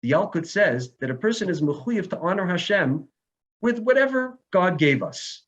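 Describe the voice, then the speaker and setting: A man preaches a sermon as a rabbi, his voice pitched somewhat high. He tells stories with mounting emotion and sudden emphatic peaks. The recording is dull and lo-fi. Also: very animated, moderate pace, a bit bright. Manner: emotional storytelling with rising emphasis and Hebrew phrases.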